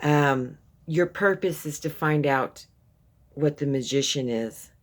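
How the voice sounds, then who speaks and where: Her voice sits low and she speaks slowly while giving an affectionate, casual tarot reading. The reader rambles, calls the listener "baby," and frequently repeats herself and restarts.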